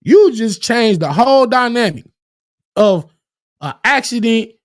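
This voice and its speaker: Animated, profane male battle rap commentator. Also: extremely high pitch, unhurried, no room sound, clean studio sound. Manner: animated, profane, restarts words often; acts out quoted arguments in a raised voice. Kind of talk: casual livestream commentary.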